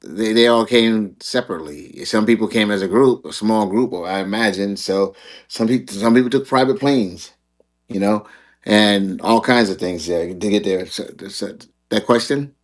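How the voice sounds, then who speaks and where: A man's voice: on the low side, moderate pace. A man hosting a casual online panel discussion, rambling, repeating words and laughing at himself. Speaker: show host.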